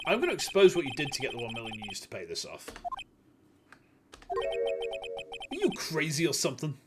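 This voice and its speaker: A man doing a gruff bullying mobster. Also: fairly high pitch. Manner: gruff, tough-guy slang.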